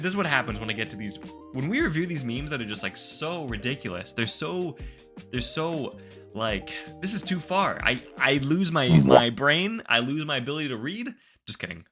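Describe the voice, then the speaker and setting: A man's voice: medium pitch, moderate pace, faint music behind. A man hosting a reaction video, commenting casually in an incredulous, stammering way with nervous laughs. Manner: animated, incredulous, stammering exclamations.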